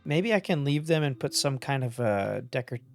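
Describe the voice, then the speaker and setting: Guy talking through his game, mid-pitch voice, kinda rambly and self-mocking, little music in the back. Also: moderate pace, gravelly. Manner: thinks aloud, self-mocking, excitable. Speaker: gaming channel host. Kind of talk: casual gameplay commentary.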